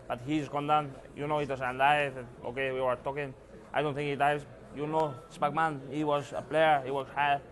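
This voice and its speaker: A man doing a halting footballer. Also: on the high side, flat delivery, close to an everyday voice. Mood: earnest. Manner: halting, repetitive.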